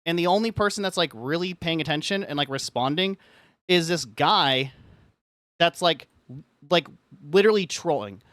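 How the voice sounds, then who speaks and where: A male live streamer who rambles through a story in casual chat, packing nearly every phrase with "like." His voice sits a little high for a man. It is recorded dry and close, with no room echo. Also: moderate pace, a bit bright. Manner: rambling, says "like" constantly; frustrated ranting.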